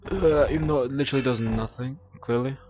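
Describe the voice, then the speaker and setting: A young man giving casual commentary while he plays a game, excitable and cooing at a creature in baby talk. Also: medium pitch, fast. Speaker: gaming video creator.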